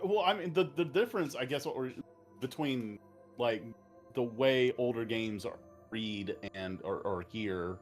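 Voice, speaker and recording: A man's voice: medium pitch, animated, unhurried, soft background music. A man co-hosting a let's play, chatting casually and hesitantly, often searching for words. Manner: hesitant, lots of fillers and restarts. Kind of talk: casual chat over gameplay.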